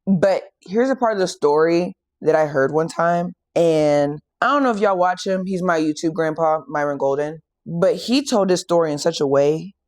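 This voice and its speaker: A woman hosting a faith and fitness channel who retells a Bible story in a casual, animated way and acts out the quoted lines. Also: sits low, no room sound, clean studio sound.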